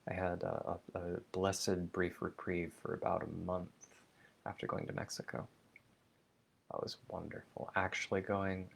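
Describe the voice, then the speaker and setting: A man talking slowly and thoughtfully in a personal video diary, musing aloud with many fillers and restarts. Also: deep voice, level tone, vocal fry, slightly rough. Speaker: vlogger. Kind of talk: reflective spoken diary.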